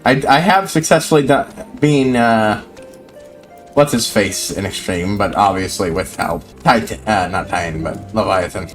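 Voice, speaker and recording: A man streaming a video game, chatting casually, swearing freely and reading quest text aloud. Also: mid-range voice. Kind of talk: casual gameplay commentary.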